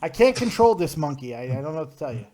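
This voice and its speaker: A man's voice: on the high side, big pitch swings, fast talker, warm tone. A man hosting a live call-in show, talking bluntly and ranting with lots of swearing. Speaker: podcast host.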